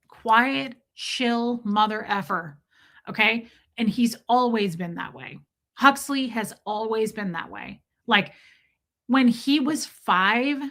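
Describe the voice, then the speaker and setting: A woman's voice: on the high side, fairly bright tone. A middle-aged woman hosting a casual livestream, chatting in a rambling way, filling her talk with "like" and greeting commenters by name mid-story. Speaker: livestream host.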